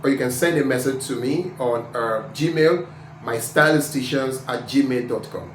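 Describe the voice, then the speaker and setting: A man's voice: mid-range voice, unhurried, reverberant, a little hiss or hum. A man with a Nigerian accent teaching IELTS speaking pronunciation, repeating sample words and spelling out letters.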